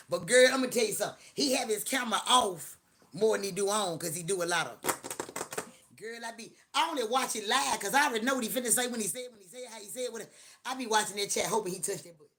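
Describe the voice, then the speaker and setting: A middle-aged woman hosting a live stream, talking in a loud, profane, joking rant. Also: medium pitch, fast. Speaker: livestream host. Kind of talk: casual live-stream chat.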